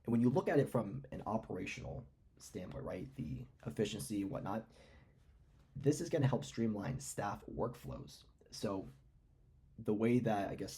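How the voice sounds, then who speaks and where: A man's voice: low-pitched, dark tone, breathy edge. A man giving casual, rambling stock commentary, musing aloud with lots of fillers. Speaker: finance commentator.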